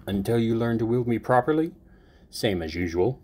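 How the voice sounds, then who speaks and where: Brief: stern talking sword, formal and admonishing, narrator's voice. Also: male voice, mid-range voice, expressive, moderate pace, a little mellow, voice pushed up, natural voice.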